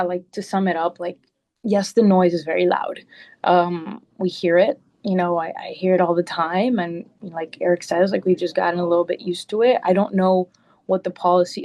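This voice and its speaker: A woman's voice: lowish voice, darkish tone. A young adult woman giving spontaneous, earnest testimony as a resident at a town meeting, rambling with many fillers. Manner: rambling, heavy with "like" and "um", earnest and worried. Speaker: resident speaking at public comment.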